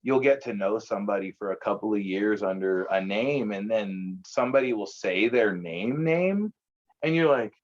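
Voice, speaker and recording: A man chatting casually as an interview guest, telling lively stories and acting out the voices of the people in them. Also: fairly low pitch, moderate pace, lo-fi sound. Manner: animated storyteller who acts out quoted voices. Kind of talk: casual storytelling chat.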